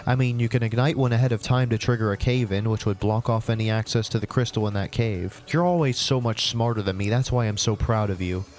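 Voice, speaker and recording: A man's voice: lowish voice, fairly quick, hardly any pauses. A man giving a comedic reading of his own old story, voicing every character in turn and breaking off with sarcastic, cringing asides. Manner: sarcastic, cringing outbursts between flat reading. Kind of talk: comedic dramatic reading with commentary.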